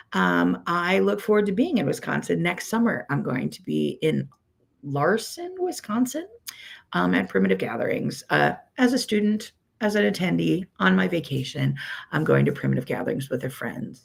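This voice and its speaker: Speaking with a fairly low, very animated voice that's gravelly and slightly rough, a woman talks at normal speed. She's a quilting teacher from Pittsburgh, USA, with the local accent, hosting a casual weekly livestream where she rambles, says "um" a lot and welcomes viewers by name.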